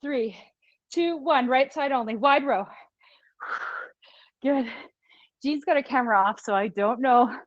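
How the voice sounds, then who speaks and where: A woman instructor with a high voice leads an online workout at a relaxed pace. She counts down reps, cheers the class on and laughs easily. The sound is dry and a little dull, like a streamed call. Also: slow, pauses often, no room sound. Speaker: fitness instructor. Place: small studio room.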